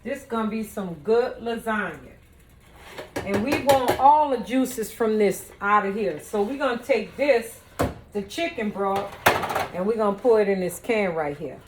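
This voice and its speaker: A woman's voice: medium pitch, animated, unhurried, noisy background. A woman cooking in her home kitchen, chatting playfully and talking straight to her viewers. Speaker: home cook and vlogger. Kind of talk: casual cooking demonstration.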